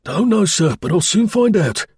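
A man voicing an excited male army sergeant major who reports in an urgent, breathless rush. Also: high-pitched, normal speed, breathy edge, no echo, studio quality, voice pushed up, exaggerated voice.

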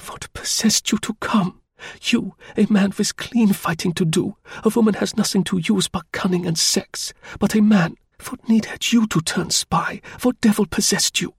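A man voicing a fierce, proud German woman agent with an intense, quietly furious manner. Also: fairly high pitch, flat delivery, normal speed, vocal fry, hardly any pauses, slightly rough, no echo, studio quality, voice pushed up, full character voice. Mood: anguished.

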